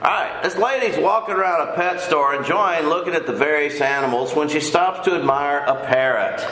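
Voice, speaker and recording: Older guy rambling through a bible lesson, kinda high voice, echoey room. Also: moderate pace, a bit bright. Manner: folksy, rambling, repeats himself. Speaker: Bible class teacher.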